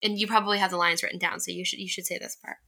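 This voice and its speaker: A young woman talks over a movie she loves in a casual podcast chat. Her voice is very bright and sharp, with a gravelly fry at the bottom of it. She is chatty and fills her sentences with "like.". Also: on the low side, little pitch movement, rapid-fire, low-quality recording. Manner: chatty, lots of "like" fillers, acts out quoted lines.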